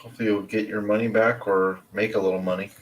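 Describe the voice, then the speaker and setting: A man's voice: lowish voice, little pitch movement, fast talker. A man co-hosting a podcast in casual chat, brief and matter-of-fact.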